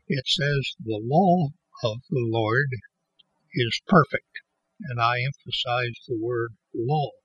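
Slow husky guy preaching a sermon, halting, dull muffled recording. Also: mid-range voice, dry recording. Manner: slow and halting, with many restarts, leaning on certain words.

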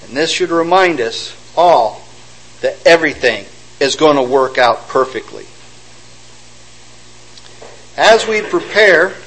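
A man preaching a sermon, retelling stories with animated delivery and acting out the voices of the people in them. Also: on the high side, husky, rough recording. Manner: animated storytelling, acting out quotes.

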